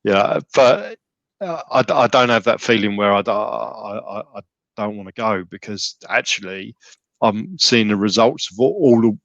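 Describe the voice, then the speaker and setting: Man, low-pitched, rambling guest, dry close sound, slightly dull. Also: animated, moderate pace, creaky, a bit bright, no room sound. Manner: rambling, many restarts and "you know"s. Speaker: gym member guest. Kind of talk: casual podcast interview.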